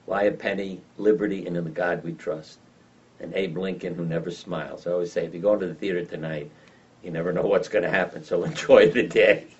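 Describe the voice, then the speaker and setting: An older man telling lively anecdotes as an interview guest, acting out the voices of the people in his stories. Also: low voice, brisk. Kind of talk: storytelling in an interview. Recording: dull lo-fi sound from some distance.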